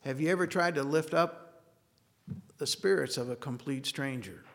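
A man's voice: fairly high pitch, moderate pace. A man giving an earnest sermon in a church hall, telling a personal story and acting out the dialogue in it. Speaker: speaker giving a church talk. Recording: long reverb of a large room.

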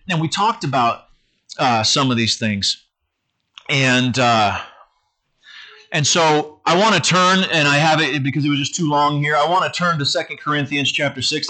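A man's voice: fairly high pitch, sharp tone. A middle-aged man preaching a conversational sermon to his congregation, often stumbling and repeating words as he goes. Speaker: pastor.

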